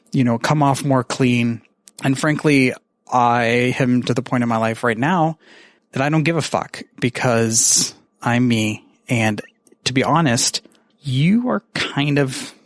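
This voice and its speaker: A man recording a message for a friend, reading bad puns in a deadpan, self-mocking way and swearing casually. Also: mid-range voice, no room sound. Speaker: podcaster sending a message. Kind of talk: recorded message, joking monologue.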